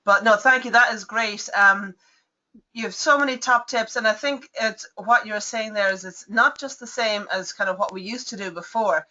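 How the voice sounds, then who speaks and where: Bright-voiced woman hosting a webinar. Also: medium pitch, normal speed. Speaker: webinar host. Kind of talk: webinar talk. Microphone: video call. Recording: dull lo-fi web call audio.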